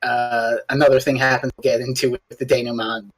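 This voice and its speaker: A podcast guest in a casual review chat, talking in an animated, blunt way and swearing casually. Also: mid-range voice, a little fast.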